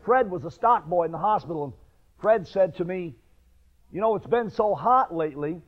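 A middle-aged pastor from northern New York, praying and then telling a homespun story in a sermon, building up to raised emphasis. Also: male voice, high voice. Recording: tinny phone-like radio recording.

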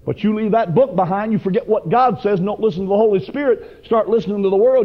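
A man preaching a sermon with fervent, emphatic delivery that rises to loud bursts. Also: high-pitched, quick pace, hardly any pauses. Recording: dull lo-fi broadcast recording.

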